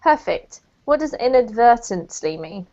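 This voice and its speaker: Woman, English teacher on a video call, patient explainer, slightly high voice, muffled line. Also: very animated, mellow. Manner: patient, explains slowly with checking questions. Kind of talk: online language lesson.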